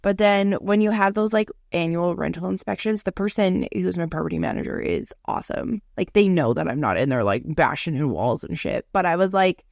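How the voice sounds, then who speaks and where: A woman's voice: on the low side, lively intonation, a little fast, creaky, few pauses, darkish tone, no room sound, studio quality. A woman in her thirties co-hosting a podcast, telling stories in a casual, chatty way with quoted asides. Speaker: podcast co-host. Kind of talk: casual chat.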